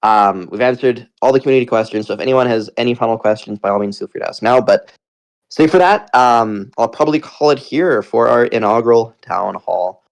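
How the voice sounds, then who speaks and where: A Canadian man hosting a casual community town hall, relaxed and jokey, rambling a little as he talks into a computer mic. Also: medium pitch, a little fast, gravelly. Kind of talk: casual live audio chat.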